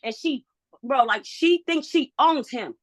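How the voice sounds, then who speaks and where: A woman's voice: high-pitched, animated, unhurried, dry recording. A woman testifying in a custody hearing, agitated and pleading, repeating herself out of frustration. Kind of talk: emotional courtroom testimony.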